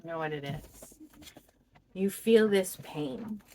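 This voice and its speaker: A woman doing a pick-a-card tarot reading, speaking to the viewer in a slow, heartfelt and expressive way. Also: mid-range voice, slight background noise. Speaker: tarot reader.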